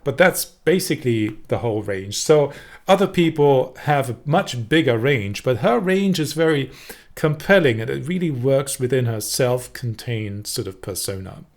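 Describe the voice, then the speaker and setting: A man's voice: medium pitch, lively intonation, normal speed. Man coaching while analyzing a clip. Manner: explanatory, conversational, demonstrates voices. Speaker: presentation coach. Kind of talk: video analysis commentary.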